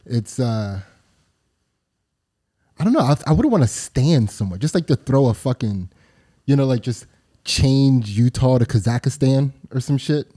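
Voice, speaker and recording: A man with a mellow, warm-toned voice, rambling casually on a podcast. He talks in loose, unhurried stretches among friends. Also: medium pitch, lively intonation. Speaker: podcast co-host. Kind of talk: casual chat.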